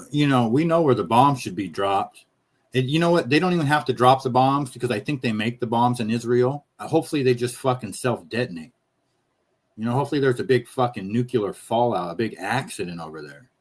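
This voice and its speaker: A man's voice: medium pitch, breathy edge. A man streaming casual commentary on clips, blunt and heavy on swearing, with fillers as he trails off.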